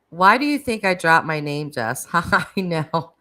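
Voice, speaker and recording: Chatty low-voiced woman host. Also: sing-song, measured pace, pushed and bright, poor audio. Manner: chatty, laughs often, restarts. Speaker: live stream host. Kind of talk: casual live chat with callers.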